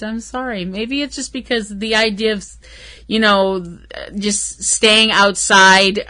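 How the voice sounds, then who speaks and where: A woman's voice: mid-range voice, sharp tone. A woman hosting a podcast, chatting casually and rambling, swearing freely and laughing often. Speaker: podcast host. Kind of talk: casual solo podcast chat.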